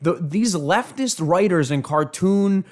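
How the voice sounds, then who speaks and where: A man's voice: high voice, lively intonation, takes it slowly, darkish tone. A man hosting an opinion commentary on video clips, indignant and emphatic, often stumbling and repeating words. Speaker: show host.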